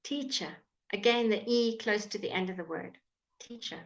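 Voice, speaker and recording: A woman's voice: medium pitch, gravelly, muffled recording. A woman teaching English pronunciation in a live online class, patiently repeating each word for her students to copy. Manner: slow, patient, repeats words for drilling. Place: home. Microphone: computer mic on a live stream.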